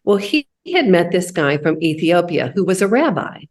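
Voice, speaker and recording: A woman's voice: on the low side, big pitch swings, moderate pace. A middle-aged woman hosting a women's coffee chat, telling a faith-based story in a conversational way, with many "you know"s.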